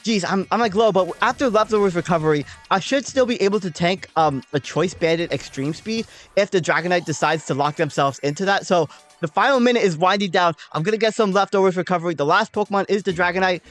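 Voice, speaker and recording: A woman's voice: fairly low pitch, quick pace, soft background music. Chatty woman narrating her game battle. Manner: chatty, talks through her thinking, frequent "um" and "like". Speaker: gaming channel host. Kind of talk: casual game battle commentary.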